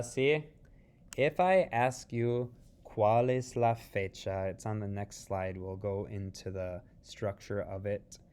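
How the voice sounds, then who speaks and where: A man teaching Spanish, slowly reviewing vocabulary aloud for his students in a casual, joking way. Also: lowish voice, darkish tone, slight background noise. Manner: slow and patient, models words aloud for learners; casual and jokey, checks in with "see?". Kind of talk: recorded class review lesson.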